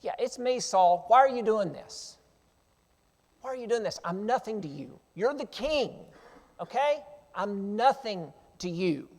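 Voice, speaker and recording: A preacher voicing young David, calling out loud and high. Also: male voice, animated, a little slow, heavily acted. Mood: pleading. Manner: calling out loudly, then pleading. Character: biblical young man David, calling out boldly. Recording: reverberant church sanctuary.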